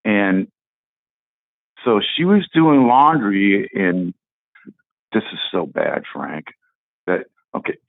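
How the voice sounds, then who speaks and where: A male caller tells his story down a tinny phone line, halting and trailing off as he goes. His voice sits a little low. The line is dry, with no room sound. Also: animated, gravelly, no room sound.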